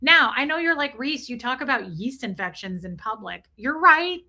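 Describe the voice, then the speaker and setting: A young adult woman streaming live tells a story in a chatty, animated way, greeting viewers as she goes. Her voice is fairly high and her pace moderate.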